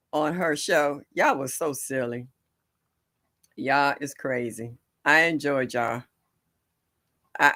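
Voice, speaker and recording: Gravelly older woman chatting on a livestream. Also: low voice, fairly bright tone. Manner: chatty, laughing, folksy. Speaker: gardening livestream host. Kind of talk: casual chat with live viewers. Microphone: livestream setup.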